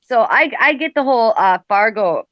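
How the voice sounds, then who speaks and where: A Minnesota woman with a slightly high voice who stumbles over her words, restarting as she goes. Her sound is dry and a little dull, as if from a basic mic. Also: expressive, moderate pace, no room sound. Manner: hesitant, stammers and restarts. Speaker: livestream host. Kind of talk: casual chat.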